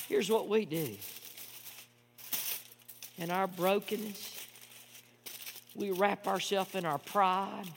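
A man preaching a sermon, moving between hushed storytelling and loud, impassioned preaching. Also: sits high, unhurried, pauses often. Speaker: pastor. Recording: long hall reverb with mains hum.

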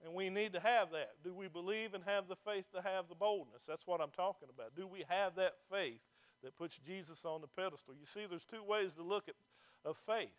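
High-voiced man preaching emphatically. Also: brisk. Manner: emphatic preaching with rhetorical questions to the congregation. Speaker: pastor. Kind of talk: sermon. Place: church with a congregation.

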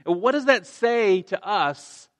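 A man's voice: high-pitched, lively intonation, slow pace, muffled recording. A male pastor preaching a sermon, earnest, restarting phrases and rising to emphatic points.

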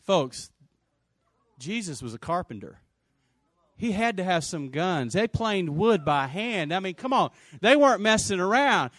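A man preaching a lively, humorous sermon, talking conversationally with his congregation and acting out scenes in put-on voices. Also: sits high, no room sound.

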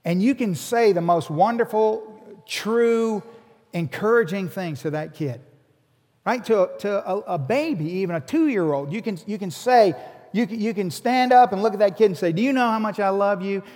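A man's voice: sits high, normal speed, a little mellow. A man preaching a sermon as a pastor, earnest and repeating his words as he builds each point. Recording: long hall reverb.

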